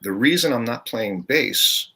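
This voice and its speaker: A man's voice: mid-range voice, animated, a little slow, sharp tone. An older man, a guest musician, telling stories in a casual podcast chat and laughing often. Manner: chatty, storytelling, laughs often.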